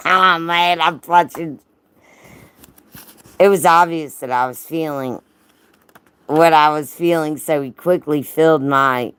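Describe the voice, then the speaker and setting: A woman with a deep, clear, resonant voice is recorded with no room sound. Hosting a livestream, she reads a racy story aloud, then breaks off to tease her chat by name with profane jokes, laughing often.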